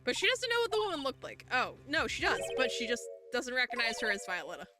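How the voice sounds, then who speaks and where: A woman's voice: a little high, wildly swooping pitch, quick pace, over loud music. A young woman streamer musing aloud in casual commentary while playing a mystery game.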